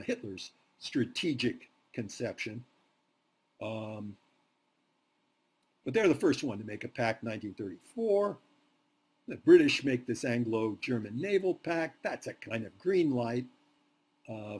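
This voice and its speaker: Man, university lecturer, husky voice, emphatic, rhetorical questions, classroom. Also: medium pitch, a little mellow. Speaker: history lecturer.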